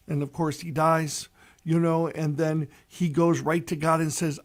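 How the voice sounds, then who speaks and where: A priest giving a folksy, earnest radio reflection and telling a story, with many "you know" asides. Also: male voice, on the high side, flat delivery, moderate pace.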